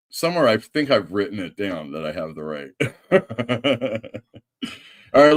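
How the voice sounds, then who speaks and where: A man hosting a casual live stream, telling a story and acting out the people in it. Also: lowish voice. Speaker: host.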